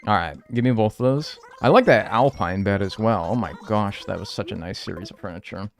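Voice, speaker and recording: A gravelly, fairly low-voiced man streams a game live, talking fairly quickly with soft music in the background. He's animated, swears freely, and banters with his chat as he plays.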